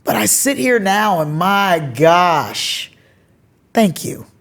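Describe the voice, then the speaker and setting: A middle-aged woman hosting a casual, heartfelt conversation, telling stories with animated swings in her voice. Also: slow, vocal fry. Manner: animated storytelling, expressive pitch swings. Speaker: podcast host.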